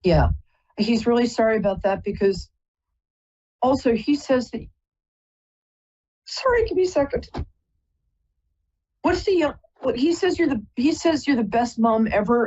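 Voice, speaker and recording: A husky, fairly high-voiced woman talks a caller through a psychic reading on a live call-in show. She rambles and keeps breaking off to apologize. The sound is dull and lo-fi. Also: lively intonation, normal speed, long pauses, a little mellow. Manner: chatty, rambling, often apologizing. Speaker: psychic reader and host.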